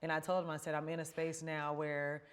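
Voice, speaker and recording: A woman's voice: low voice, level tone, fairly quick, smooth. A woman hosting a casual conversation, telling personal stories in a candid, chatty way. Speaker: host.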